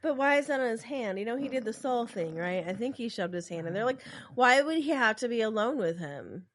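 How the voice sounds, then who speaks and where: A woman's voice: fairly high pitch, lively intonation, brisk, fairly bright tone. A woman co-hosting a podcast, chatting enthusiastically about a TV show with playful asides. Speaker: podcast co-host. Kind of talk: casual fan commentary.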